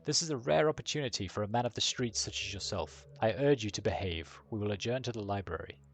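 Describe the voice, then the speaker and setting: A man's voice: lowish voice, expressive, fast talker. A man voicing a cold, wealthy older father who speaks in a formal, commanding way.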